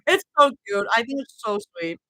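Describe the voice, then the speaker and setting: A woman's voice: on the high side, big pitch swings, normal speed, bright, forceful tone, no room sound, poor audio. Giggly, chatty young woman streamer. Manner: giggly, chatty, easily sidetracked. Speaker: streamer reading fan fiction live. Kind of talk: casual live reading and chat.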